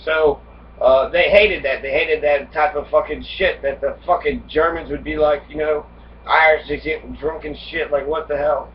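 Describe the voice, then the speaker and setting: A man's voice: fairly high pitch, steady tone, normal speed. A man giving a casual history lecture, reading passages and then riffing on them with heavy profanity. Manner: acts out immigrants' complaints in angry voice. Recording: dull distant lo-fi recording with faint noise.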